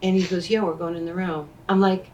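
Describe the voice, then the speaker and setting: A woman, telling animated stories and acting out what people said. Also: on the low side, brisk, recorded from a distance, muffled recording. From Queens, New York. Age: 60s. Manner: animated storyteller who acts out quoted dialogue. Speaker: interview guest, former basketball player. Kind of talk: storytelling in conversation.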